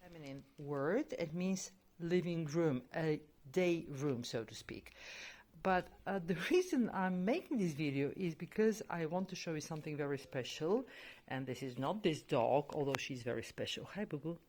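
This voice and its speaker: A woman's voice: low-pitched, animated, moderate pace, a little mellow. A woman, a language teacher explaining words in a casual vlog, chatty and full of "okay" and "um".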